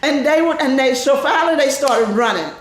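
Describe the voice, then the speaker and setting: An older woman tells a family story with great animation, her voice leaping high when she acts out what people shouted. She laughs as she talks, and the recording carries a roomy echo with a faint hiss behind her. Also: animated, a little fast. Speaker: interviewee telling family stories. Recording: echoey room with faint noise.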